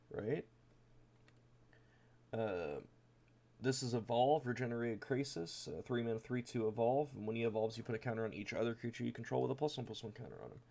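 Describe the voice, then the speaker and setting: A tired, yawning man with a medium-pitched, creaky, slightly mellow voice hosts a deck tech. He casually goes through his card deck one card at a time, reading each card's text aloud with lots of fillers and restarts.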